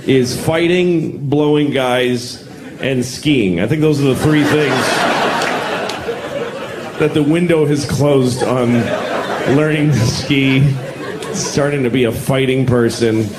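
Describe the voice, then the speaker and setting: Heavy background noise accompanies this live recording of a stand-up comedian in his forties, with the crowd laughing along. Speaking at medium pitch, he tells stories in a blunt, crude, self-deprecating style.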